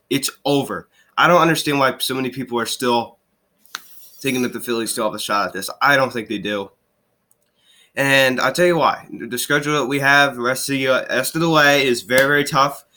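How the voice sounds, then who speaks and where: A young man recapping a ballgame in a casual, exasperated rant, his voice stuffy and sniffling from allergies. His tone is bright and forceful, with a middle pitch. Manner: frustrated, exasperated ranting. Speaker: fan vlogger recapping games. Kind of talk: casual ranting game recap.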